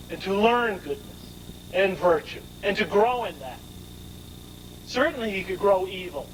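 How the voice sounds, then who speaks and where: A man with a high-pitched voice delivers a scripture lecture. He explains each point with emphasis and keeps posing rhetorical questions. A faint hiss of noise sits under his voice. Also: rough recording.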